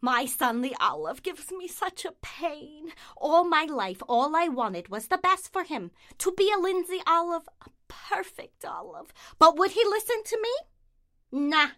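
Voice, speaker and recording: A woman's voice: very high voice, animated, unhurried, fairly bright tone, exaggerated voice. A woman voicing an exasperated, nagging mother olive in a comic ad. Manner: nagging, kvetching. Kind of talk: comic ad voice-over.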